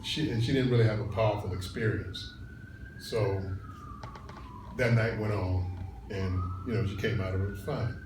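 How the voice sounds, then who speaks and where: Colloquial man telling stories to a crowd. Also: fairly low pitch. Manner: colloquial, animated, laughs through his stories. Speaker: lecturer. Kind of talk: storytelling talk to an audience. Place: conference room. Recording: echoey room, far from mic, noisy.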